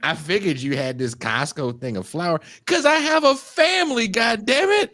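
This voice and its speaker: A man's voice: sits high, animated, moderate pace, pushed and bright, no room sound, studio quality. A man with a Californian accent, co-hosting a casual podcast chat and ranting with profane mock outrage. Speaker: podcast co-host.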